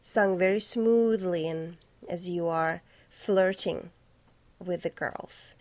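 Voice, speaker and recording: Slow, mellow-voiced woman choir director. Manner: demonstrates parts by singing syllables high and light. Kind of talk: choral diction lesson.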